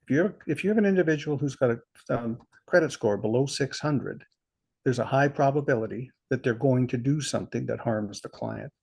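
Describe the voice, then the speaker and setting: Older man with a gravelly, husky voice. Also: mid-range voice, a little fast, a little mellow. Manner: anecdotal, reflective, chuckles at himself. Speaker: interview guest, insurance veteran. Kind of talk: conversational interview storytelling.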